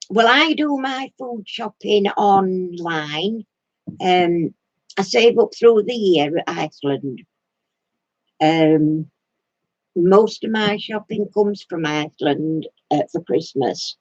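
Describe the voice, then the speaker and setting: A woman chats casually on her craft channel's live stream, wandering from thought to thought with plenty of hesitations. Her voice is husky and sits a little low. The recording is dry and a bit dull, lo-fi. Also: animated, slow pace, darkish tone, dry recording. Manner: rambling and hesitant, many fillers.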